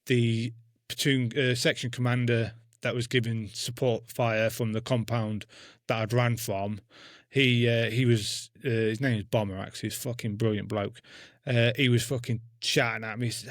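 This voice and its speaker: Blunt, swearing ex-soldier. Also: male voice, mid-range voice, flat delivery, normal speed, fairly bright tone, no echo, studio quality. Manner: blunt, heavy swearing, acts out his own past words. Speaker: guest, army veteran. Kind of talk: casual storytelling.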